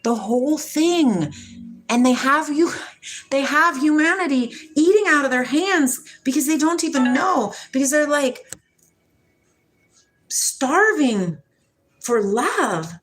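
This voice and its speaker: A woman in her forties from Washington state hosts a casual spiritual livestream, chatting with viewers and reading their comments in a soft, affectionate way, laughing often. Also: high voice, expressive, slow pace, pauses often. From Washington state, USA. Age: 40s. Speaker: livestream host.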